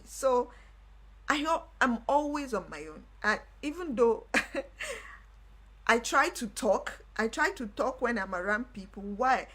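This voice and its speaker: A young woman hosting a live stream, telling a personal story in casual talk with animated delivery and repeated phrases. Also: fairly high pitch. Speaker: livestream host.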